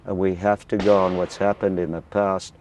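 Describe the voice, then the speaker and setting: A man's voice: sits low, flat delivery, normal speed, background noise. A man teaching firearms tactics, explaining in a matter-of-fact, emphatic way. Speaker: firearms instructor. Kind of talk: instructional explanation.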